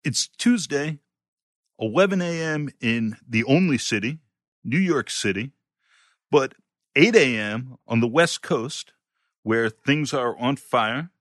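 A man hosts a podcast with a bright, forceful voice recorded dry and close. He speaks in a friendly, casual way, pausing on small fillers as he goes. His pitch is ordinary for a man. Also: lively intonation, no room sound. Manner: friendly, a little halting, with fillers. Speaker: podcast host.

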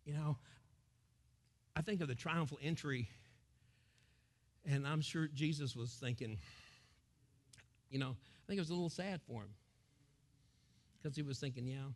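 A middle-aged man from the United States, preaching a sermon as pastor and acting out crowds and quotes in sudden loud bursts. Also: fairly high pitch, measured pace, pauses often.

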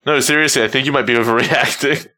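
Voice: mid-range voice, steady tone, fast, sharp tone. A podcast participant chatting casually with dry, teasing remarks.

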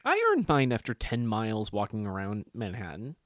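A man's voice: on the low side, wildly swooping pitch, moderate pace, a bit bright, dry recording, studio quality. A man, co-hosting a casual chat and telling stories animatedly, swearing freely and acting out other people's lines.

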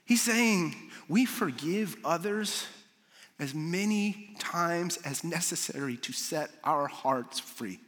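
A man preaching a sermon as a pastor, storytelling with animated swings and soft, low moments for emphasis. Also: takes it slowly. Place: large hall with audience. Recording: long reverb of a large hall.

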